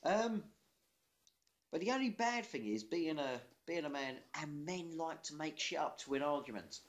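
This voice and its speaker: A man's voice: on the high side, animated, normal speed. A man co-hosting a casual podcast chat, telling facts and jokes with sweary confidence. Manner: sweary, jokey, confident storytelling. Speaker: podcast co-host.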